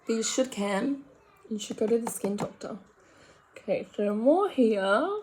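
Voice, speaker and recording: A woman's voice: on the high side, unhurried, a little mellow, a little hiss or hum. A young woman with an Australian accent chatting frankly and rambling while she does her makeup at home. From Australian countryside. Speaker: makeup vlogger. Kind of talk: casual chatty commentary.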